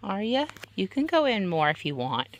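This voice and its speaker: A woman vlogging outdoors on her phone, chatting with her dog in high sing-song baby talk. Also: very animated, moderate pace. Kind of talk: casual chat with her dog. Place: outdoors by water and in a van. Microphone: handheld phone. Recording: phone recording with loud outdoor noise.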